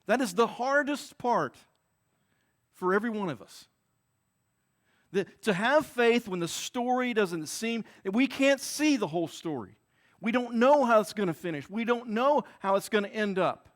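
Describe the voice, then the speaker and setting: A man with a high-pitched voice preaching a Sunday sermon. He talks earnestly and circles back to repeat key words and phrases to drive them home. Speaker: pastor.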